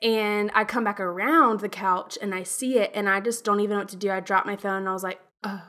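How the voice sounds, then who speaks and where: A young woman hosting a casual podcast chat, telling stories in a lively, animated way. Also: medium pitch, quick pace. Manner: lively storyteller, animated retellings. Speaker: podcast host.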